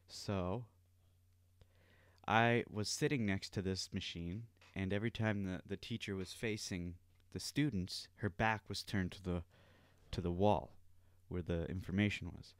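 A man's voice: on the low side, clean tone, dry recording, clean studio sound. A young man hosting a podcast, telling a rambling story in casual talk and swearing freely. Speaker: podcast host.

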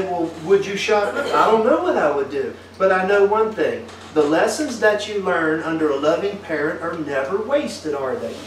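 A man's voice: sits high, a little hiss or hum. A man preaching a folksy sermon, tossing questions back at his congregation. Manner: asks the congregation many tag questions. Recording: echoey room picked up from a distance.

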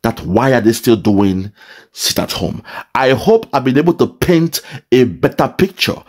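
Guy ranting on a video, preachy and loud, voice swinging all over the place, keeps repeating himself. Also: mid-range voice, big pitch swings, unhurried. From southeastern Nigeria. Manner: forceful, preaching, heavy repetition. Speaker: political commentator. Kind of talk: impassioned video commentary.

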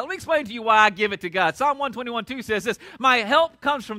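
A middle-aged male pastor preaching a sermon in a church sanctuary, swinging from loud emphatic peaks down to hushed, low passages. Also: sing-song, a little fast, hardly any pauses, no room sound. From United States.

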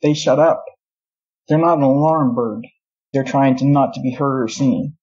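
A woman's voice: a bass voice, normal speed, warm tone, slightly rough. A woman guest telling a story in a casual, rambling way, with many asides and self-corrections. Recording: dull lo-fi audio.

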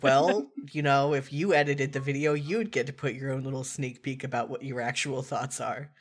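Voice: medium pitch, steady tone, normal speed. A podcast co-host chatting casually with a mid-range voice, playful and teasing. Laughs come easily while joking with the others. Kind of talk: casual chat.

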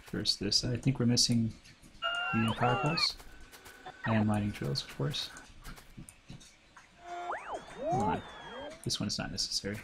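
Gravelly man narrating his gameplay. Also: mid-range voice, wildly swooping pitch, measured pace, pauses often, over music. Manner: rambling, thinks aloud while playing. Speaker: let's play host. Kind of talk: casual gameplay commentary.

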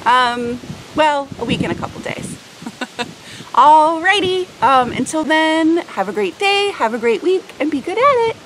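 A young woman talks casually to her viewers, chatty and rambling, with plenty of ums and uhs. Her pitch swings up and down a lot as she talks, and a faint background hum sits under her voice. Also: expressive, unhurried, a bit bright, rough recording. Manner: chatty, rambling, with frequent fillers. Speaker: vlogger. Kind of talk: casual vlog chat.

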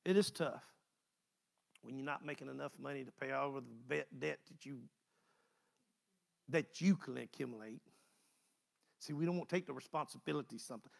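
A man's voice: fairly high pitch, creaky, sharp tone. A man preaching a conversational sermon, folksy and repeating phrases in driving bursts.

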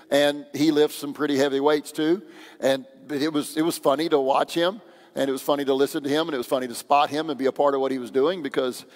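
A man preaching a sermon as pastor, in a conversational, joking way. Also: on the high side. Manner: conversational, joking, acts out quoted voices. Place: church sanctuary. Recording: long church hall reverb.

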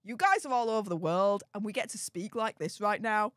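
A woman's voice: mid-range voice, fairly quick, a bit bright, dry recording, clean studio sound. A woman with a Yorkshire accent hosting a livestream, gushing thanks to viewers for their super chats in an exclamatory, bubbly way. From England. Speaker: livestream host.

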